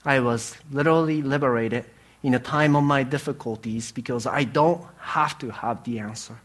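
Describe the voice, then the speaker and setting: Earnest halting male preacher. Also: medium pitch, fairly bright tone. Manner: earnest, halting speech with restarts and pauses. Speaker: pastor. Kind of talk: sermon.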